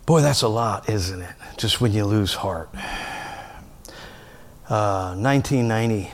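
A middle-aged male pastor preaching in a low, easygoing voice. His sermon sounds like talk among friends, and it jumps from hushed asides to loud, raised lines. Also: a little slow.

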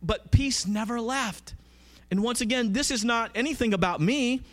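A man's voice: very high voice, normal speed, a bit bright. A man preaching a conversational sermon, emphatic and often asking his listeners questions.

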